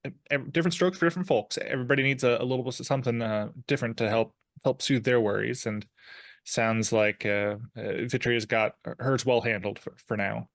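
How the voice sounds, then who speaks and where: A man's voice: mid-range voice, steady tone, fairly quick, dry recording, lightly acted. Figure: played by a man nervous, kind-hearted comrade. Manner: stammering, fumbling, chirpy rising lilt. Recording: dry, close. Style: tabletop role-play. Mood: consoling.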